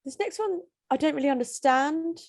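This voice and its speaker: A woman's voice: high-pitched, moderate pace, a little mellow. A woman co-hosting a podcast, reading out listener questions in a teasing, casual way. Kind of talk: casual chat.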